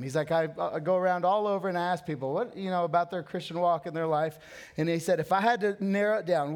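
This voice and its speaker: Earnest man preaching a sermon. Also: on the high side. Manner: earnest, emphatic preaching that drops to a soft, hushed prayer. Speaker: pastor.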